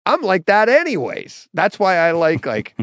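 A middle-aged man, co-hosting a podcast and telling stories in a lively, laughing way. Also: high voice, normal speed, no room sound. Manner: animated storyteller, laughs easily. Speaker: podcast co-host. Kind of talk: casual chat.

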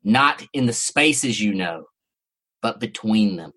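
A man doing a monstrous creature that speaks in a deep, guttural, slurping hiss. Its words come slowly and ominously, like a pronouncement from the abyss. The low register sits well below an ordinary speaking voice. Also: lively intonation, sharp tone, exaggerated voice.

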